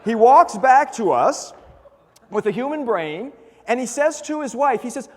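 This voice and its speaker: A man giving a conference talk, telling a story in an animated way and acting out the voices of the people in it. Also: very high voice, a little slow, in a large hall. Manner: animated, acts out quoted voices. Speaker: conference speaker.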